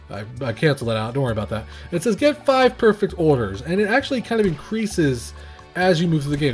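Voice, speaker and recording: A young man giving casual, rambling commentary while playing and reviewing a game. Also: a little high. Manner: rambling, many fillers and restarts.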